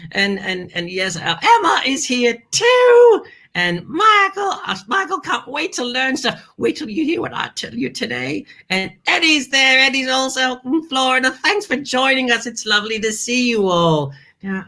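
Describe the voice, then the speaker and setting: A woman's voice: fairly high pitch, pushed and bright. A woman hosting a family learning show, chatting playfully and theatrically, with frequent asides and calling viewers "darling.". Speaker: host.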